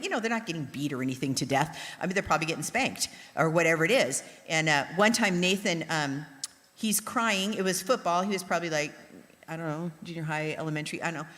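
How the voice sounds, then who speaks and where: A middle-aged woman, a pastor's wife, telling candid family stories to a congregation in a chatty, animated way. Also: medium pitch, fairly quick. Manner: chatty, animated, acts out her own reactions. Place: church sanctuary. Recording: long hall reverb.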